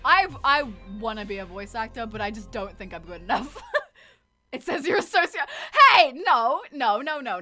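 An excitable woman chatting through a game stream, rambling and swearing freely. Her voice is high and bright and bounces all over the place, with faint game music behind. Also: moderate pace. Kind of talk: casual game stream commentary.

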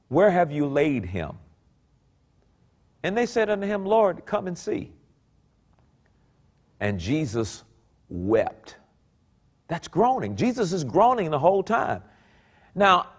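In this sermon, a middle-aged man of the cloth reads from the Bible and offers his commentary, his delivery rising and falling between hushed murmurs and loud, high cries.

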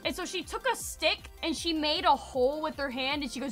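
A woman streamer tells stories in a loose, animated way, stacking fillers and stopping to greet viewers. Her voice sits high and sounds sharp and bright. Faint music plays behind her. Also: brisk, few pauses. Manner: animated, rambling with many fillers, greets chat. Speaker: livestreamer. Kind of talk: casual storytelling chat.

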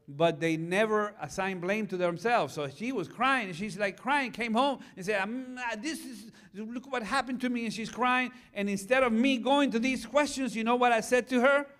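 Animated preaching man with a high voice. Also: moderate pace. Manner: animated, conversational, asks the audience questions. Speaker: pastor. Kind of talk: conference preaching talk.

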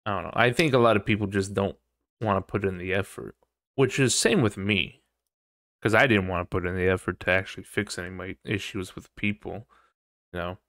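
A man's voice: low-pitched, a little fast, a bit bright, no room sound, clean studio sound. A man hosting a casual solo podcast, rambling, swearing freely and laughing often. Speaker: podcast host.

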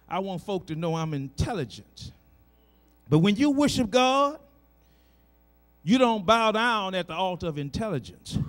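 A high, bright male voice in a church delivering a slow, drawn-out sermon. The middle-aged preacher swings between quiet talk and shouted proclamations, repeating his phrases in a call-and-response rhythm.

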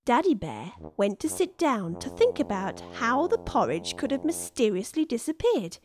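A woman reading a children's story aloud, expressive and unhurried. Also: a little high. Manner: slow, lively, expressive. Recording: dry studio with soft music.

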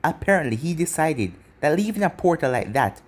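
Casting: a sly, teasing demon witch with lively, swinging delivery, read by a man. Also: a little high, fairly quick.

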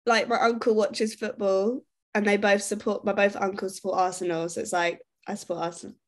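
A woman's voice: medium pitch, flat delivery, brisk. A woman guest musician from Essex, chatting in a bubbly, giggly way during a casual interview. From Essex, England.

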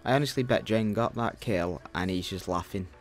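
A man's voice: lowish voice, moderate pace. A young man co-hosting a gaming channel, commenting on his gameplay in a grumbling, exasperated rant.

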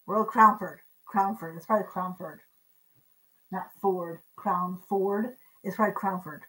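A woman's voice: fairly low pitch, steady tone, measured pace, rough recording. A woman co-hosting a live online auction, chatting casually as she describes vintage pieces and stumbles over names. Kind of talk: casual live-stream selling chat.

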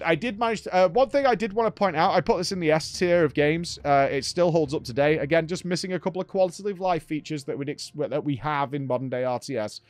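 A man hosts a gaming show and talks through a game he has just played. He is chatty and enthusiastic and tends to ramble. His voice sits on the higher side. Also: no echo. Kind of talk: casual game recap.

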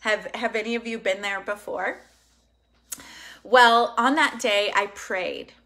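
A young woman hosting an online manifesting workshop, talking in an emphatic, excitable and casual way, swearing now and then. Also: mid-range voice, slow pace. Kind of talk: live online workshop teaching.

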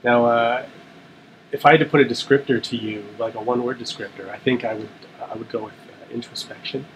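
A man asks questions from some distance off the mic, his voice at a middle pitch. Clear background noise sits under his voice. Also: steady tone, a little fast, a bit bright. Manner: brief, encouraging interjections. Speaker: interviewer. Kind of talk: interview questions.

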